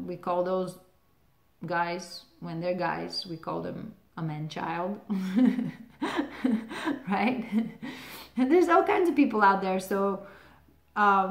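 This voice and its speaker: A woman hosting a relationship advice channel, talking casually to the camera, laughing often and using lots of "like" fillers. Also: medium pitch. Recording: roomy echo.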